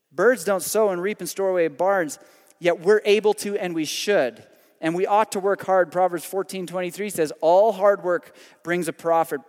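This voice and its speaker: Man, pastor, sermon, high voice, conversational asides, long hall reverb. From Canada. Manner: conversational, with frequent asides and rhetorical questions.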